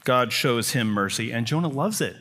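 A man's voice: medium pitch, lively intonation, normal speed, fairly bright tone, husky. A man preaching a sermon, emphatic, building his points with repeated phrases.

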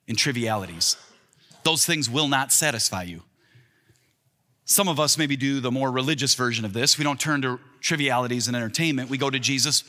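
A man's voice: mid-range voice, pushed and bright. A man in his thirties preaching an earnest sermon as a pastor, voicing the quoted lines with more lift. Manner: earnest, rising for acted-out quotes. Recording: long reverb in a large hall.

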